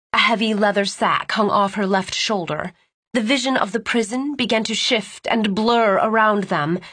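A woman reads a fantasy novel aloud at a slow, measured pace. Her voice is soft and breathy, recorded close and dry with no room sound. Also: medium pitch, no room sound. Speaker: narrator. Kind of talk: audiobook narration.

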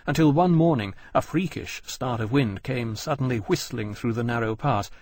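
A man narrating an audiobook in a measured, descriptive storytelling manner. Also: medium pitch, a little mellow, husky. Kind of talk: scripted narration.

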